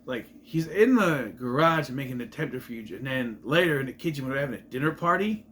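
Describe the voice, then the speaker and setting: A man's voice: mid-range voice, lively intonation, a little fast, fairly bright tone, a little hiss or hum. A man casually recapping a movie, rambling and trailing off into asides. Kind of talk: casual film recap commentary.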